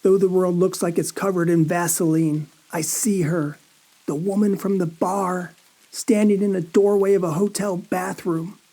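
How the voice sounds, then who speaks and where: A man narrating a first-person horror story in a slow, brooding, anxious way. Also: high-pitched, fairly even intonation, mellow.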